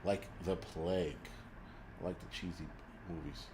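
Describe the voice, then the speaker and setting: A man's voice: low-pitched, steady tone, measured pace, noisy background. A man hosting a live stream, ranting casually and profanely with lots of fillers.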